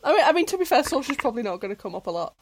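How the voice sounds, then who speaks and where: A woman in her twenties playing a tabletop game, tossing in quick joking remarks. Her voice sits a bit high and she keeps up a chatty tone. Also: sing-song, slight background noise. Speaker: player.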